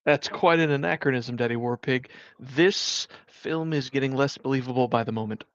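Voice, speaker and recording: A man's voice: mid-range voice, moderate pace, no room sound. Wry man on a muffled, dull mic. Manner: dry, wry interjections. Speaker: podcast co-host. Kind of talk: casual chat.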